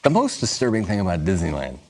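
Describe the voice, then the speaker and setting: A man's voice: deep voice, wildly swooping pitch, quick pace, a little mellow. A man appearing as a talk show guest, reading jokes aloud and laughing at his own delivery.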